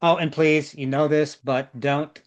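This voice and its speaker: A man's voice: on the high side, fairly even intonation, unhurried, muffled recording. A man organizing a group tour, giving chatty, jokey travel advice over a video call and repeating words for emphasis.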